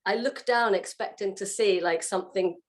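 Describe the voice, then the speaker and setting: A woman's voice: mid-range voice, normal speed. A woman, a guest on an interview show, telling her personal story in a casual way and acting out her own past reactions. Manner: animated, acts out what she said and felt. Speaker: guest sharing her testimony.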